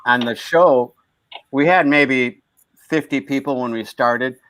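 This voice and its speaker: A man from Buffalo, New York, tells a joking story and undercuts his own exaggerations. His voice has a middling pitch. The sound is dry and close. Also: slow, a bit bright, no room sound. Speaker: guest.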